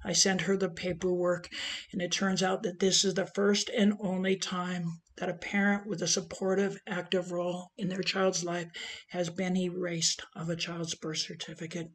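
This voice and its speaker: A middle-aged woman giving an emotional personal testimony as a transgender advocate, speaking emphatically with big swings in loudness. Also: lowish voice, level tone, normal speed.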